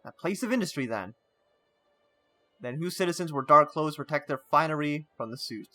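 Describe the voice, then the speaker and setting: Guy doing a let's play, reads the game text out loud, trips over words and throws in side comments, kinda high bright voice, faint music behind. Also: lively intonation, a little fast. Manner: reads the story text with stumbles, breaking off into casual asides. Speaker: gaming channel host.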